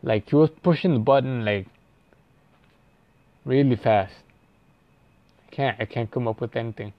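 A man's voice: mid-range voice, normal speed, dry recording, muffled recording. A young man telling a story casually, rambling and profane, with lots of "like" fillers and restarts.

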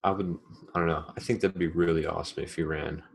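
A young man chatting casually, relaxed and rambling, with hesitant restarts. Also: extremely low pitch, fast talker, creaky, low-quality recording. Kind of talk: casual chat.

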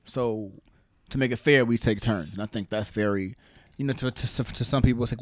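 A man hosting a casual podcast conversation, animated and quick to repeat his words as he talks. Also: medium pitch. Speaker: podcast host.

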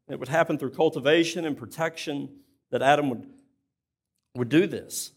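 A male pastor delivers a sermon in a plainspoken, conversational way. His voice sits fairly high for a man. He often breaks off and restarts his sentences as he talks. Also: moderate pace, breathy edge.

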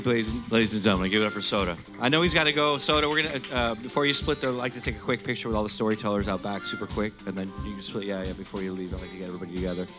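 Host: man, quick and chatty, lowish voice, introducing acts at a bar with guitar music playing behind. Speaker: host of storytelling night. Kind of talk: emcee announcements.

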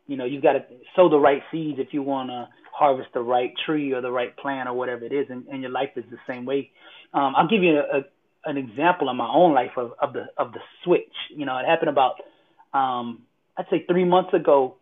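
Motivational speaker, male, husky, storytelling, phone-quality audio. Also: medium pitch, brisk. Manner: animated storyteller, repeats words, acts out quotes loudly. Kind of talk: casual storytelling conversation. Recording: tinny phone-like line.

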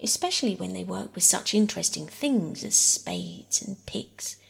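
A woman reading a classic children's novel aloud as soft, often whispered bedtime story narration. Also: on the low side, expressive, a little slow, gravelly, husky. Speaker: audiobook reader.

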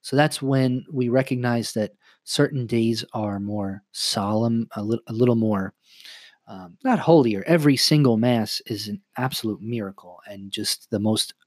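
A man's voice: medium pitch, normal speed, a little mellow, dry recording. A man co-hosting a podcast, a priest explaining church practice in a thoughtful way, with many fillers and restarts. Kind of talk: casual explanatory podcast chat.

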